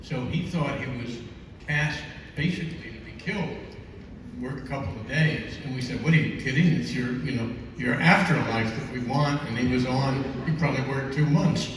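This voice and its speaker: A man's voice: medium pitch, normal speed, distant mic. A man on a convention panel telling a short story from the production. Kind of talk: panel talk. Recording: echoey convention hall with noise.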